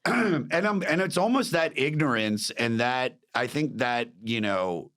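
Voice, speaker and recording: A man's voice: medium pitch, animated, measured pace, a bit bright. A man, a comedian, telling stories in a casual podcast chat, swearing freely and acting out what others said. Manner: swearing storyteller, acts out quotes. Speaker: comedian guest.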